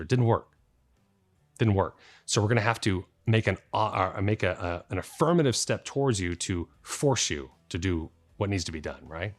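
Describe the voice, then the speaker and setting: A man's voice: low-pitched, expressive, moderate pace. A man who works as a police officer, explaining his work to the camera in a plain-spoken, conversational way with a light joking touch.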